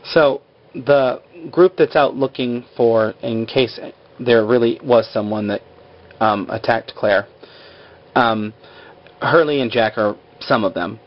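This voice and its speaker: A man's voice: mid-range voice, slow. A man casually recapping a TV episode in a rambling way, full of fillers, on a slightly dull lo-fi recording. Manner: rambling, full of "like" and "you know".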